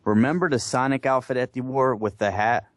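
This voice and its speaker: Brief: young male panelist, mid voice, dry close recording, excitable and profane. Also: mid-range voice, fairly quick, no echo. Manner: animated, swears, stumbles when excited. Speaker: podcast panelist. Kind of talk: casual chat.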